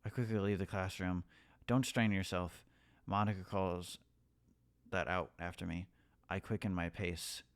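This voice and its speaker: Low-voiced man reading a game aloud. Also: level tone, moderate pace, no room sound. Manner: reads the story in a hushed, low voice, breaking into swearing and alarmed outbursts. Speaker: gaming YouTuber. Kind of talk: reading a visual novel aloud while playing.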